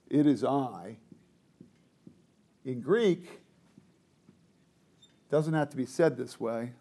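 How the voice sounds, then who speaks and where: A man's voice: mid-range voice, takes it slowly, long pauses, warm tone, slightly rough. A man teaching a Bible study to a group, explaining the text and asking the group questions.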